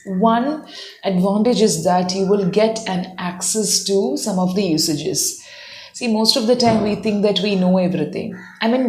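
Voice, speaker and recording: Woman english teacher, patient, models sentences slow for you to repeat, kinda echoey room. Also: medium pitch, a little mellow. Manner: patient, explains slowly and models sentences for repetition. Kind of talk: spoken English lesson.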